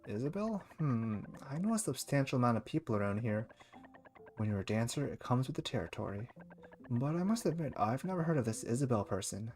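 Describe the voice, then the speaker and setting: A man's voice: mid-range voice, very animated, brisk, a little mellow, faint music behind. A man reading a worldly dancer woman, lifting his voice for her. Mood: reassuring.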